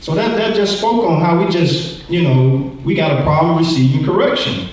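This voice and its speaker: A man in his forties teaching a Bible lesson in an animated way, acting out quoted voices and repeating words. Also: a little high, moderate pace, a little hiss or hum. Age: 40s. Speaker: church teacher. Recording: echoey room from far off.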